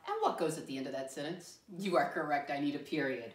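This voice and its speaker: A woman teaching a first grade class, speaking slowly and clearly to young children and spelling words out letter by letter. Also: low voice. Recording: roomy sound from a distant mic.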